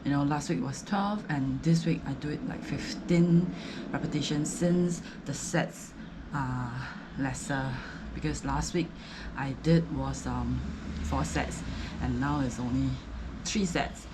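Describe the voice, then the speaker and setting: Her voice extremely low in pitch and a little slow, a Singaporean fitness vlogger chats casually about her home workout against a noisy background. She is breathless between sets and talks in filler-heavy, rambling Singaporean English.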